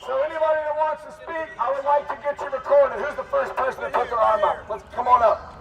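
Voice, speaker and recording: A man's voice: extremely high pitch, fairly even intonation, quick pace, gravelly, heavy background noise. A man organizing a protest, speaking outdoors to a street crowd in an impassioned, profane, rallying way. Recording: roomy, distant street reverb.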